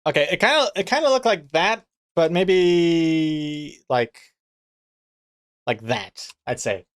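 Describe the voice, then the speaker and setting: A man's voice: a little high, animated, slow pace, fairly bright tone. A man, chatting casually on a live stream and telling rambling anecdotes with chuckles and fillers. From New Zealand.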